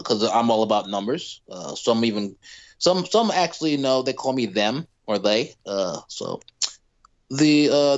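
A man's voice: medium pitch, natural voice. A man voicing a pompous, bumbling fake psychiatrist with a put-on Irish accent, hesitating over every word on a dull lo-fi recording. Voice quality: hesitant, full of uh's. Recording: dull lo-fi sound.

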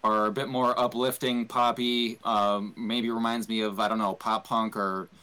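A man in casual podcast chat, speaking in a halting way and restarting his sentences often. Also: lowish voice, little pitch movement, pushed and bright, clear, resonant tone. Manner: hesitant, halting, many restarts.

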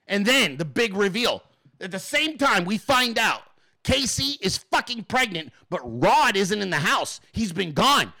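Gravelly high-voiced man ranting excitedly. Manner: excitable, swears constantly, rapid-fire pitching. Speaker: show host. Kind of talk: profane comedic rant.

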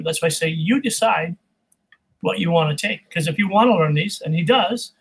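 A middle-aged man, a voice and accent coach, telling animated stories as an interview guest, laughing often and imitating people. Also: high voice, normal speed, vocal fry, husky, low-quality recording. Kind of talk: casual interview storytelling.

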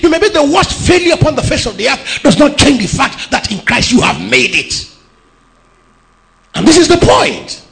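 A Nigerian male pastor preaches a sermon in a very high, lively voice that rises and falls sharply in pitch. His gravelly, fry-tinged tone drives each point home as he shouts and half-sings his phrases emphatically.

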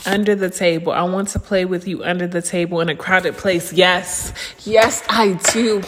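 A woman in her thirties talking casually to viewers, bawdy and laughing, with drawn-out swooning sighs. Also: on the low side, fairly even intonation, in a large hall, background noise. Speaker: vlogger. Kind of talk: casual monologue.

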